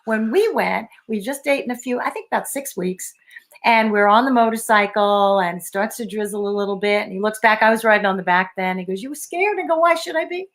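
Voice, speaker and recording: A woman's voice: mid-range voice, fairly quick. Chatty woman telling stories. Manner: animated storyteller, laughs often. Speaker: co-host. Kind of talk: casual storytelling chat.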